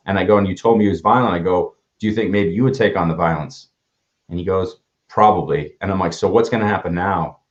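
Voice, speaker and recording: A man who speaks at schools, telling stories in a casual conversation, earnest and often restarting his sentences as he acts out what people said. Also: low voice. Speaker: motivational speaker. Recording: dull lo-fi sound.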